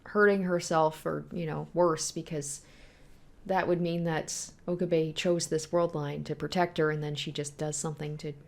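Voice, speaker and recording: A woman's voice: low-pitched, little pitch movement, moderate pace, creaky. A woman playing a visual novel, reading its text aloud and adding chatty asides full of "like" and "you know". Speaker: let's play host. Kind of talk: reading game text with casual commentary.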